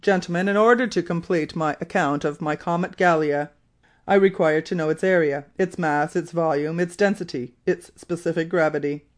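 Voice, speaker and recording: Reader doing a testy old professor, loud and impatient, at a normal pitch. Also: moderate pace, close to an everyday voice. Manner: fierce and impatient. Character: irritable proud old male professor. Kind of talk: audiobook character reading.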